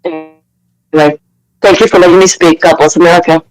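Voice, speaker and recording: A woman's voice: fairly low pitch, fairly even intonation, brisk, music in the background, poor audio. Caller, woman from Canada, fired-up swearing rant, apologetic. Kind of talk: live audio chat room call-in.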